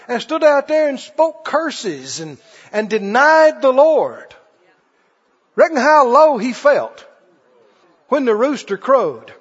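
A man's voice: very high voice, sing-song, a little slow. A man preacher delivering a fervent sermon and firing rhetorical questions at his congregation. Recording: dull recording with long hall reverb.

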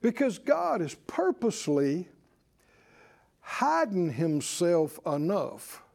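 Slow, animated folksy preacher man. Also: gravelly. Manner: folksy, scolding, slow and emphatic with pitch swings. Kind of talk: sermon.

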